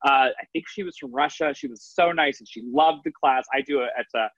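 A man's voice: mid-range voice, a little fast, a bit bright, no echo, lo-fi sound. A man in his thirties, an author and coach, talking in a loose, rambling way with many restarts. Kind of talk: casual interview talk.

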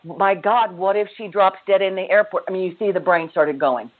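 A woman's voice: medium pitch, fairly quick. A woman author and self-love teacher, a guest telling her story in earnest, with the odd laugh. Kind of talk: conversational interview storytelling. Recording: narrow phone-line sound.

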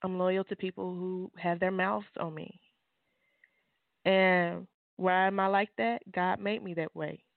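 A woman, an author and guest, giving fervent, preachy testimony on a call-in show, leaping into high exclamations. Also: fairly even intonation, a little slow, gravelly, dry recording. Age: adult mother. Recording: tinny phone line.

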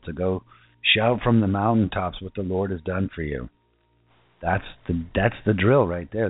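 A man preaching an informal sermon in earnest, asking rhetorical questions and repeating himself, and reading scripture slowly. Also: low voice, breathy edge, no room sound. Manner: slow deliberate scripture reading. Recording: tinny phone-like sound with faint music.

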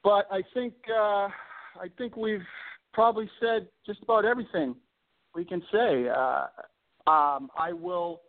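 A man's voice: high voice, unhurried. A man with a Boston accent, a modest and hesitant interview guest who speaks with lots of fillers. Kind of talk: casual interview chat. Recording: tinny phone line.

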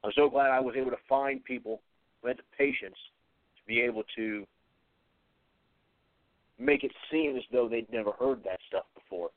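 An expressive man with a mid-range voice, host of an atheist commentary show, talks at normal speed with frequent pauses. His earnest, reflective solo monologue is marked by hesitations and repeated short phrases, captured on a dry, tinny, phone-like recording.

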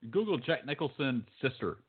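A man with a mid-range voice co-hosts a podcast in loose, profane chat, delivering dry quips and reading search results aloud. His pitch moves freely, and the sound is narrow and phone-like. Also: animated, moderate pace, breathy edge. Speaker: podcast co-host. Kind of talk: casual chat.

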